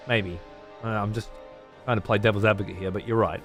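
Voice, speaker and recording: A man's voice: lowish voice, fairly even intonation, fast talker, fairly bright tone, faint music behind. A man streaming and chatting casually with his audience, blunt, rambling and full of swearing.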